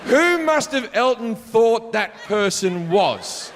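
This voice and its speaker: A man with an Australian accent doing stand-up, telling a crude story and jumping into shouted punchlines. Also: sits high, big pitch swings, slow pace, slight background noise. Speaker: stand-up comedian. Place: large concert venue on stage. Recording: live hall reverb with faint crowd ambience.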